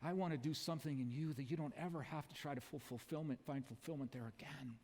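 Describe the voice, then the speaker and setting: A man doing a hushed, tender male teacher. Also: fairly high pitch. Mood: tender, earnest. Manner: hushed, slow and intimate. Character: gentle earnest male teacher, compassionate yet direct. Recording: reverberant church hall.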